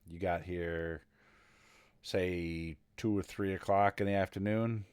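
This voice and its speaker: A man in a lowish register narrates as dungeon master over an online voice call. He talks haltingly, restarting phrases and filling gaps with "uh" as he describes the scene. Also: fairly even intonation, darkish tone, clear, resonant tone. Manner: halting, with many restarts and fillers. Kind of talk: narrating a tabletop game.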